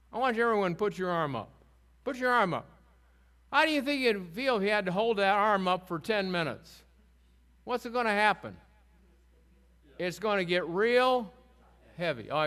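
High-voiced man teaching a folksy Bible lesson. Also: fairly bright tone. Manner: folksy, chatty, asks the group questions. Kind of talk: informal Bible lesson with call-and-response.

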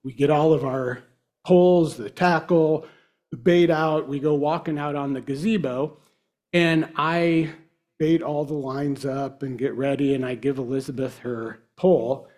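A man telling a personal devotional story in a casual, halting way with frequent fillers. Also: fairly high pitch, fairly even intonation, darkish tone.

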